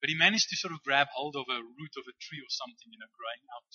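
A man's voice: mid-range voice, fast talker, sharp tone, slightly rough, dry recording. A man preaching a sermon in a conversational, storytelling way, often checking with "right?". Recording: dull, dry lo-fi recording.

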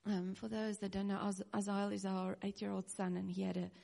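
A woman's voice: medium pitch, flat delivery, a little fast, vocal fry, mellow. A woman in her thirties preaching a personal sermon, earnest and near tears, with nervous little laughs. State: close to tears. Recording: reverberant hall.

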